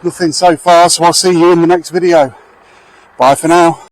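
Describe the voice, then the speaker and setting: Male vlogger, middle-aged, talkative and rambling, handheld camera outdoors, fairly high voice. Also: fairly even intonation, moderate pace, soft background music, poor audio. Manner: chatty, rambling, addresses viewers directly. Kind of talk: casual walk-and-talk vlog. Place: outdoors in a back lane near a fire.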